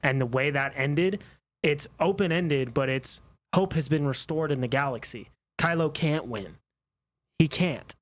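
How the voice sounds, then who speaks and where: His voice is fairly high and a little slow as he co-hosts a casual podcast conversation. He speaks with passion and argues against opposing opinions.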